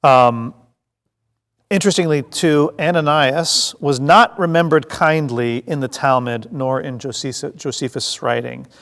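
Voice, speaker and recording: Gravelly man teaching in a hall. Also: a little high, a little slow. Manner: lively storytelling that acts out scenes, with many fillers and restarts. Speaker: Bible study teacher. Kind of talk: congregational Bible teaching. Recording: long reverb of a hall.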